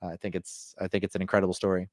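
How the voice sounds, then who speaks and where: A man's voice: sits low, completely flat delivery, rapid-fire, no room sound, studio quality. A man hosting a pop-culture podcast, talking casually and rambling through fillers and restarts. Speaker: podcast host.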